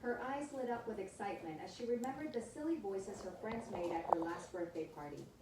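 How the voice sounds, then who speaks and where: A woman's synthetic voice assistant telling a story as a scripted narration, in an even, upbeat, smooth delivery. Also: mid-range voice, fairly quick, recorded from a distance, heavy background noise. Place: room with a smart speaker. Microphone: speaker recorded from across the room. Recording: echoey room, smart speaker heard from afar.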